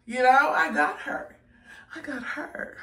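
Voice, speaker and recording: A woman's voice: sits high, fairly even intonation, slow pace, creaky, a bit bright, echoey room, distant mic. A woman filming a playful prank vlog on a handheld phone. She teases and laughs a lot, and her speech has features. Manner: playful, teasing, laughing often. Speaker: vlogger. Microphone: phone held in hand.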